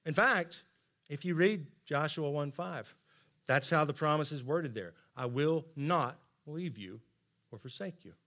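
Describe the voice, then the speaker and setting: A middle-aged man preaching a sermon, earnest and emphatic, often dropping to soft asides. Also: on the high side, animated, unhurried. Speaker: pastor.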